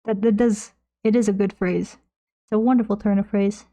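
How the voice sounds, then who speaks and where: At a normal speed, a young woman with a mid-range, dark voice and fairly even intonation chats casually while painting on a stream. She speaks into a desk mic close by, reading her chat aloud, rambling, and teasing herself.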